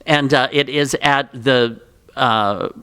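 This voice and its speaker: A man's voice: mid-range voice, slow, sharp tone, clean tone. A man hosting an interview, reacting with exclamations and short prompts. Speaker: host.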